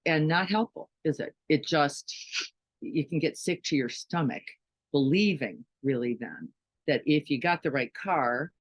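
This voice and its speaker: A woman's voice: low-pitched, expressive, measured pace, dry recording, poor audio. A woman giving a conversational dharma talk as a meditation teacher, often checking in with listeners with questions and "right?". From Chicago, United States.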